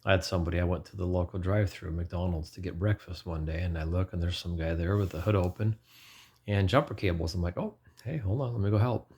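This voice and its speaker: Man in his 40s, deep husky voice, earnest lay preacher, rambling testimony, self-correcting. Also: steady tone, quick pace, a little mellow. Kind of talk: informal personal testimony.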